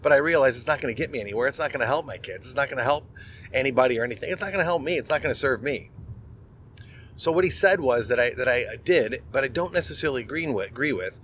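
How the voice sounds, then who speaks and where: A man's voice: medium pitch, expressive, fast talker, a bit bright, slight background noise. A middle-aged man, a podcast host, telling a personal story in a candid, conversational monologue and often restarting words.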